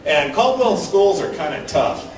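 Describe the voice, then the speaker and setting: A man performing a stand-up comedy set, telling stories deadpan, each ending on a punchline. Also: on the high side, measured pace. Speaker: stand-up comic. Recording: roomy, distant mic with background noise.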